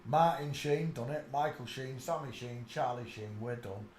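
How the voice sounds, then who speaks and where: A man's voice: moderate pace, a little mellow. A man talks through a live stream in a loose, rambling way and mutters asides to himself between remarks. His voice sits in a middle register. The room gives it a roomy echo, with faint noise behind him. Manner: breaks into high shrieking laughter.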